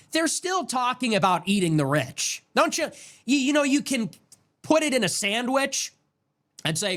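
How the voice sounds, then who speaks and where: A man's voice: very animated, moderate pace, fairly bright tone. A man hosting a political talk show, delivering a heated, profane and sarcastic monologue, his voice jumping up sharply when he gets worked up. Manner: pitch jumps up sharply when agitated.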